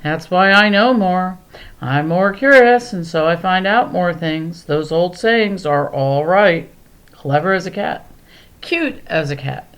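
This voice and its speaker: A woman's voice: sits low, expressive, slow pace. A woman voicing a cheeky, boastful male cat who brags emphatically. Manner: bragging, emphatic.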